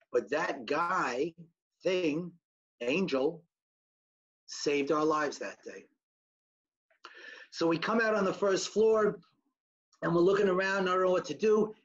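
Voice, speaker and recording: A man with a rather high voice gives a personal testimony talk with slides, recounting events earnestly. He acts out the quoted dialogue by lifting his voice. The recording sounds somewhat dull and lo-fi. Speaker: survivor telling his story to an audience.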